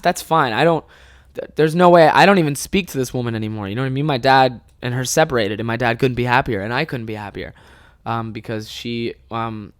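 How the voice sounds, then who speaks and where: A young man hosting a solo comedy podcast, telling an animated personal story with plenty of swearing and laughter. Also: medium pitch, no echo, studio quality.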